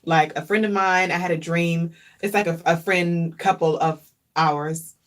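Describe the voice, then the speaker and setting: A woman vlogger chats casually and from the heart, her voice slightly low, her intonation fairly even and her pace measured. She grows reflective and openly emotional, often repeating a phrase for emphasis.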